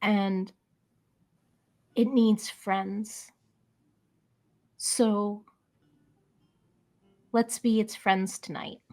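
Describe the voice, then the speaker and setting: A woman voicing a gentle, kindly wanderer who speaks in a soft, hushed voice. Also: mid-range voice, little pitch movement, very slow, long pauses. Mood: tender. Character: gentle kindly wanderer inviting others to listen.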